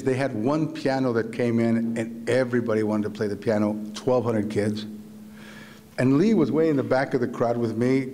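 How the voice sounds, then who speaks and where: A man from New Mexico whose first language is Spanish, a visiting writer telling a personal story to a live audience in an animated, humorous way, acting out the voices he quotes. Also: mid-range voice. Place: university lecture hall. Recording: echoey hall.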